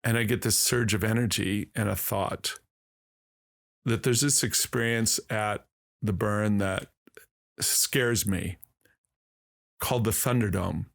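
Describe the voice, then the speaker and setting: A man telling a long, animated story as a podcast guest in casual conversation. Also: fairly low pitch, creaky. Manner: slow, drawn-out, animated storytelling.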